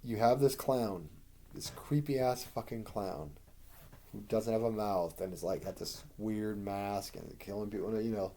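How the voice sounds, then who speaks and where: A man talks through a casual review in a warm, dark-toned voice. He rambles, swears often and leans on fillers as he works through his opinions. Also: lowish voice, a little slow. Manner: rambling, profane, conversational with many fillers. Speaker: video creator ranking TV seasons.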